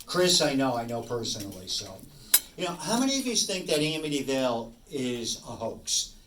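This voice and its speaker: A man's voice: mid-range voice, normal speed. A man in his sixties, a paranormal investigator, telling rambling stories to an audience and acting out both sides of conversations. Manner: rambling, animated, acts out both sides of dialogue. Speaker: paranormal investigator giving a talk. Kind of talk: casual storytelling talk to an audience. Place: room with an audience. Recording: echoey room, distant mic, faint noise.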